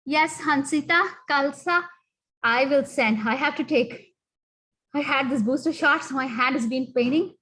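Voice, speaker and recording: A woman's voice: high-pitched, unhurried, fairly bright tone. A woman teaching an online dance class to children over a video call, chanting sung syllables to set the beat and calling on students by name with short instructions. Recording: very echoey room, voice from a distance.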